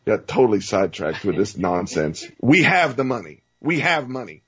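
Male talk host, heated rant, husky voice, muffled lo-fi sound. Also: lowish voice, very animated, normal speed. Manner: ranting, repetitive, stammering restarts.

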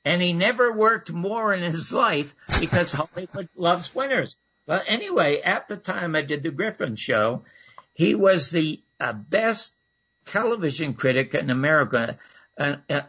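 Male radio guest, animated and husky, rambling storyteller, dull lo-fi line. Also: fairly high pitch, unhurried. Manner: rambling, with fillers and lively asides. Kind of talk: casual anecdotal storytelling.

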